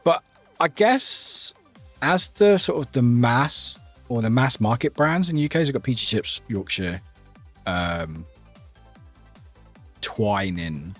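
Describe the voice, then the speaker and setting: A man's voice: medium pitch, expressive, slow, pauses often, breathy edge, faint music behind. A British man chatting casually with his livestream viewers, rambling and often laughing at himself. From United Kingdom.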